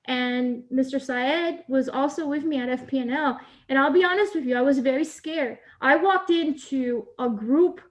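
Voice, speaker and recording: A woman agile coach telling a heartfelt personal story, earnest and emotional, repeating phrases for emphasis, on a video call. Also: sits high.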